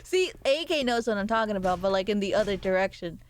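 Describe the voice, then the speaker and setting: A woman's voice: medium pitch, fast talker, few pauses, slight background noise, poor audio. A young adult woman streamer chatting casually and jokily while gaming, rambling from one thought to the next. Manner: animated, jokey and rambling.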